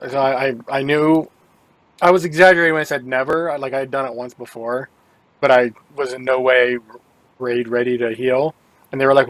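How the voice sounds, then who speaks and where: A man hosting a podcast, easygoing and chatty, telling a short anecdote with quick asides. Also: mid-range voice, steady tone, no room sound. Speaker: podcast host. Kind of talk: casual chat.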